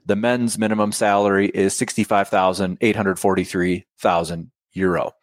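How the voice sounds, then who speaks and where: A man in a casual interview, stating facts in a measured way. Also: fairly low pitch, little pitch movement, no echo. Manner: measured, factual.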